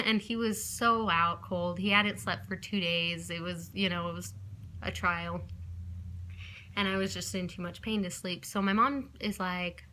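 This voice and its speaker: A woman's voice: lowish voice, steady tone, a little slow, sharp tone. A woman in her twenties telling a personal story to camera in a casual, rambling way, often apologizing and backtracking. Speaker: vlogger.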